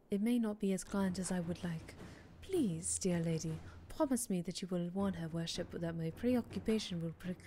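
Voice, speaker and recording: A man's voice: high-pitched, dark tone, slight background noise, lightly acted. A woman voicing a polite, self-pitying male noble with a French accent, reading his letter aloud. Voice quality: mock-formal letter reading.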